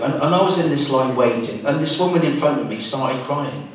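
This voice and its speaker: A man's voice: mid-range voice, brisk, slight background noise. A middle-aged man from Gloucester with a Gloucestershire accent doing a rambling, self-deprecating stand-up routine. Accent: Gloucestershire English. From Gloucester, England. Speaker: stand-up comedian. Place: village hall stage. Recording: very echoey hall, mic from a distance.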